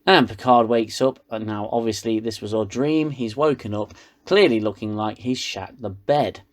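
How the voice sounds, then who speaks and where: A man's voice: lowish voice, moderate pace. A man with a British accent giving a sarcastic, rambling comedic recap of a TV episode. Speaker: reviewer.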